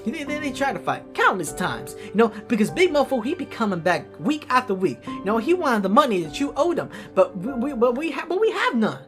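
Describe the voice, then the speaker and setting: A woman plays an exasperated churchgoing sister, ranting at her brother and tripping over her words as she piles up complaints. Her voice sits fairly high and swings widely in pitch. Music plays clearly in the background. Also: sing-song, fairly quick, few pauses. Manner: stammering, repetitive, ranting. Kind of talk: comedic skit acting.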